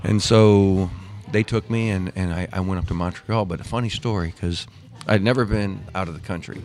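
Older man, low voice, from Missouri; chatty podcast guest spinning long anecdotes with restarts. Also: fairly even intonation, normal speed, a little mellow. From Missouri, USA. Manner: rambling, with many restarts and quoted dialogue. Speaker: guest, former pro soccer player. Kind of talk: casual storytelling interview.

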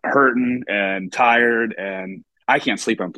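A young American man, a chef, tells his stories in a loose, easygoing way. His voice sits on the low side and is recorded dry and close, with little room sound. He fills his talk with "like" and "you know" and acts out the people he quotes. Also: slow, pushed and bright, no echo. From United States. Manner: casual, full of fillers, acts out quoted voices. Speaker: chef, podcast guest. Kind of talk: casual storytelling interview.

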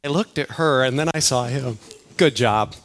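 A man's voice: medium pitch, moderate pace, a bit bright. An older man, a church elder and grandfather, playfully talking to a church crowd and calling up kids for a game before his sermon. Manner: playful, chatty, addresses the crowd directly. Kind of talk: sermon opener with audience interaction. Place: church auditorium.

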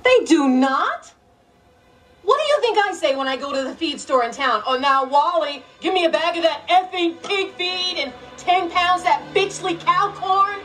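A very high, piercing voice: a prim, obsessive middle-aged super-fan in a film drama. She won't swear and snaps into shrill, scolding outrage. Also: animated, moderate pace, faint music behind. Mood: indignant. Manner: prim, refuses to swear, builds to shouting.

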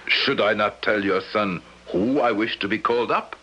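Cast: polite skeptical gentleman, lowish voice, lo-fi old radio recording. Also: slight background noise. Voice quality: polite, measured, slightly formal. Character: sophisticated man from Moscow, curious and skeptical. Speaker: narrator and lead character. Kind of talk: 1970s radio drama acting and narration. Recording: dull lo-fi old radio broadcast.

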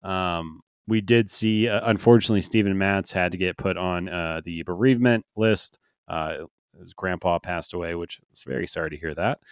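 A man's voice: sits low, moderate pace, clean tone, no echo, studio quality. A man co-hosting a sports podcast in casual chat, loose and joking, laughing easily. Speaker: podcast co-host.

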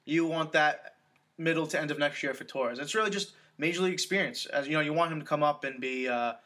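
A bright, slightly high man's voice on a casual sports podcast. He rambles through his opinions with plenty of fillers. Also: fast. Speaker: podcast co-host.

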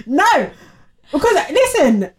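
A woman's voice: very high-pitched, sing-song, slow, a crowd in the background. Young woman on a podcast, slangy, acts out what people say, voice all over the place. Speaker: podcast co-host. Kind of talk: casual chat.

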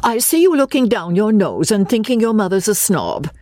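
A woman's voice: mid-range voice, very animated, moderate pace, dark tone, dry recording, clean studio sound, pitched above the performer's own voice, natural voice. A woman voicing a placid but fussy, snobbish middle-aged mother in a dramatic reading of a classic novel. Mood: fussing.

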